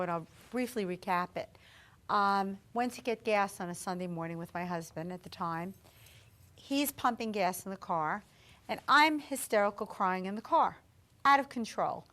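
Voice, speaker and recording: A woman's voice: mid-range voice, fairly bright tone. Earnest woman psychic telling stories. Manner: emotional, earnest, quick to act out quoted voices. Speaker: psychic host of a discussion show. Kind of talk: personal storytelling to a studio audience. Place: community access TV studio.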